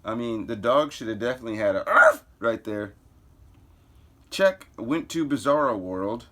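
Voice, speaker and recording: A man's voice: medium pitch, normal speed. A man reading a comic book aloud for kids, with offhand, joking asides.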